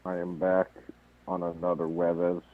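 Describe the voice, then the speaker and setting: Deep male caller on a phone-like line. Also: monotone, moderate pace. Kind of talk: casual chat and rapping. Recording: tinny phone-like call line.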